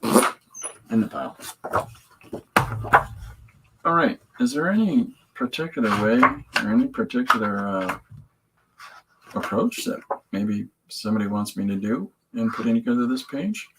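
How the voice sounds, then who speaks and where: A medium-pitched, animated male voice moves at a moderate pace against a noisy background. While drawing comics for his stream, the host chats in a loose, joking way, drifting from topic to topic and often restarting his thoughts.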